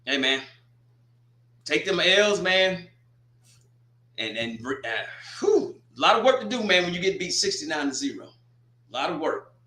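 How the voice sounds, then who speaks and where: Animated man recapping football scores. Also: sits high, measured pace, pauses often, roomy sound. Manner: animated, exclaiming and joking. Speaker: sports commentator.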